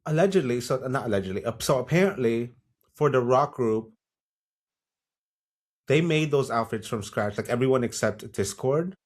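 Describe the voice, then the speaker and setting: A man co-hosting a casual chat podcast, speaking at a middling pitch. He is relaxed and agreeable, but frank and a little salty when he gives his opinions. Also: normal speed, pauses often. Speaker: podcast co-host. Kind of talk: casual chat reviewing a TV show.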